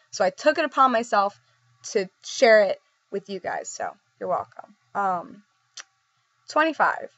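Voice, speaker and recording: A woman's voice: medium pitch, animated, unhurried, fairly bright tone, no room sound. A young woman vlogging in a casual, rambling way, giggly and self-deprecating as she answers questions. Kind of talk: casual chat. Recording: dull dry lo-fi recording.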